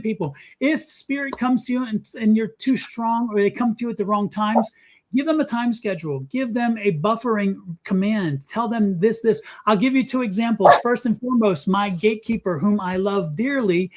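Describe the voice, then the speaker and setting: A middle-aged man with a high voice, speaking as a psychic guest on a talk show. He talks in an animated, emphatic way and repeats his commands to drive them home. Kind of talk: live psychic reading and advice.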